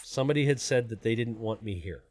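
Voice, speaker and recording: A middle-aged man speaks to his live stream viewers in an earnest, emotional, rambling way. His voice sits at an ordinary pitch, and he talks from the heart. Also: lively intonation, quick pace, a little mellow. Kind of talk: heartfelt personal talk.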